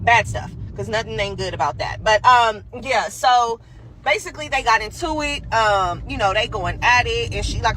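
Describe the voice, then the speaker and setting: A woman's voice: a little high, animated, normal speed. A woman tells a gossip story in a blunt, cursing style and slips into the voices of the people in it. Cars and street noise are plainly heard behind her. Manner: blunt, profane, retells dialogue in voices. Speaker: storyteller in a played clip. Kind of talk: casual storytime. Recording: outdoor clip with traffic noise.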